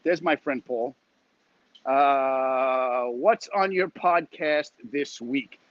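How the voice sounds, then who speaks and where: Speaking extremely slowly at a medium pitch, a comedian walks home outside, talking into his phone for his weekly live chat. He reads viewers' comments, jokes and rambles, sounding somewhat winded, and the audio has its highs cut off.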